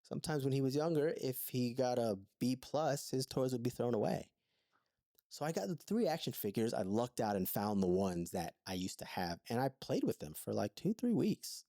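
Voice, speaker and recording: A man's voice: medium pitch, sing-song, normal speed, dark tone, no room sound, clean studio sound. A man co-hosting a podcast, telling his story in an earnest, thoughtful way in an intimate conversation. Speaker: podcast co-host.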